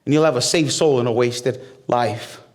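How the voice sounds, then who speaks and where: A male pastor preaching a sermon, talking straight to the people in the room with humor and questions, and building up to loud, high-pitched climaxes. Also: moderate pace. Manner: conversational with humor and direct questions to the crowd.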